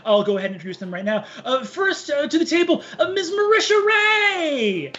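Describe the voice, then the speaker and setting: A man's voice: very high voice, very animated, brisk, pushed and bright, lo-fi sound. A man narrating a tabletop game as game master, telling the story in a grand, theatrical way from his home.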